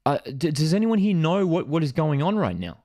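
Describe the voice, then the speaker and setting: A man hosts a live football watchalong and reacts to the match as it happens. He talks in an excitable, disbelieving way, and his voice climbs sharply when he is outraged or celebrating. Between reactions he reads out comments from viewers. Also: a little high, brisk, dry recording, clean studio sound.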